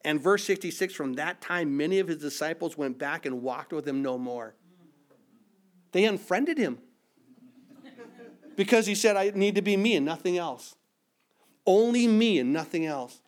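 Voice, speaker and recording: A man preaching a sermon as pastor, reading scripture aloud and rising for emphasis, with frequent restarts and repeated words. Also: sits high. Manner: stumbles and repeats words when searching.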